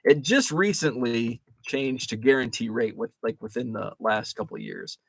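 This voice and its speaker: A man's voice: mid-range voice, sing-song, normal speed, gravelly, fairly bright tone, no echo. A man, hosting a casual live chat and reading viewer comments with many fillers and restarts. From Chicago area. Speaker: host.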